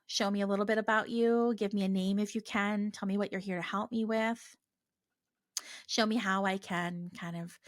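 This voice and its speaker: A woman hosting a spiritual podcast, talking casually and earnestly, with many fillers and soft asides. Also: fairly low pitch, no room sound, clean studio sound. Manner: chatty, earnest, many fillers, voices her own prayers softly. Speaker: podcast host.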